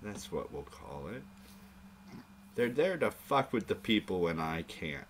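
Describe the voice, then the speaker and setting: A man's voice: low voice, very animated, measured pace, slight background noise. A man hosting a live stream, rambling casually in a crude, joking way. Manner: rambling and crude, prone to chuckling asides.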